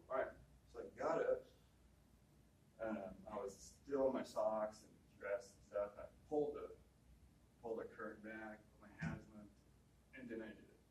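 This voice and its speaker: A man's voice: mid-range voice, a little mellow. A man telling his own story in an easy, conversational voice, doubling back on words and acting out what people said. He sounds a little distant from the mic, in a room with a lot of echo. A faint hum of ambience sits behind him. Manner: conversational, repeats words, quotes others. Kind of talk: personal storytelling talk.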